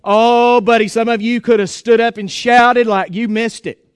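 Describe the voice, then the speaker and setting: A man's voice: very high-pitched, fairly even intonation, moderate pace, clear, resonant tone, no echo, clean studio sound. A man preaching a sermon in a folksy, joking and emphatic way.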